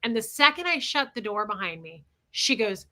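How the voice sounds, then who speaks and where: Bright, blunt woman telling a story. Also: mid-range voice, normal speed. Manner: candid, animated, blunt. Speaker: livestream host. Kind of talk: casual storytelling livestream.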